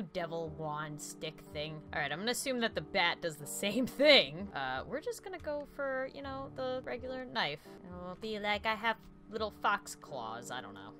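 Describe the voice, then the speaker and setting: A young adult woman hosting a let's play with excitable commentary, breaking into shrieks and laughter, on a desk mic at home. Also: mid-range voice. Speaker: gaming video host.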